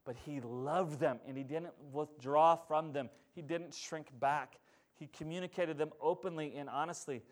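A man's voice: on the high side, normal speed. Passionate male pastor preaching. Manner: passionate preaching, swings from loud urgency to quiet earnest tones; asks the congregation for responses. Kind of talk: sermon.

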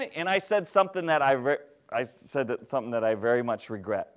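Man preaching, storytelling sermon, conversational, smooth clear tone. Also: medium pitch, animated, a little fast, hardly any pauses. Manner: candid, conversational, asks the congregation rhetorical questions. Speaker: pastor.

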